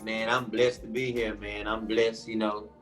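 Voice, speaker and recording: Laid-back low-voiced man from Houston. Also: little pitch movement, moderate pace, a bit bright, faint music behind, rough recording. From Houston, Texas. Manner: laid-back, rambling, lots of "you know, man". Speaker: guest musician. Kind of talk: casual interview chat. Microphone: video call.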